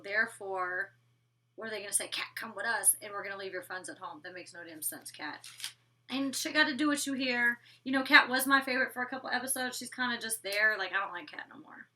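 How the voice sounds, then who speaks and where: A woman's voice: mid-range voice, pushed and bright, far from the mic. A woman in her twenties casually recapping a reality show episode, blunt and sassy, swearing freely. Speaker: former reality show cast member reviewing episodes.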